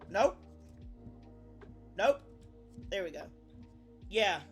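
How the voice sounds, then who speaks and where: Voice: medium pitch, very animated, very slow, soft background music. A young adult VTuber chatting casually on a live stream, rambling, often restarting sentences and swearing now and then.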